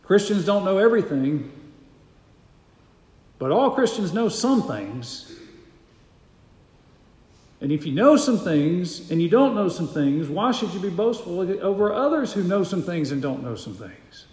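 A man's voice: sits high, big pitch swings, a little slow, long pauses, darkish tone. Emphatic male preacher in an echoey hall. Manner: emphatic, repeats key phrases. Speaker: pastor. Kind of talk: sermon.

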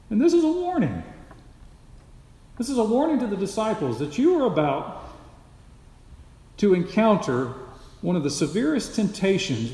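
A man's voice: high voice, a little mellow. A man preaching an expository sermon, emphatic and repeating key phrases for stress. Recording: echoey hall with long reverb.

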